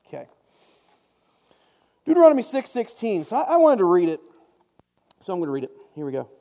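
A man's voice: sits high, wildly swooping pitch, brisk, dark tone. A man giving a casual Bible study talk, chatty and joking, often breaking off into asides. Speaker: Bible teacher. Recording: long reverb.

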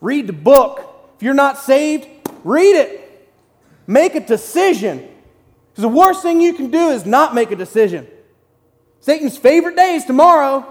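A man giving an excited, conversational sermon in short punchy phrases as a lay preacher in a church. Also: very high voice, normal speed, pauses often. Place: church sanctuary. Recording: long hall reverb.

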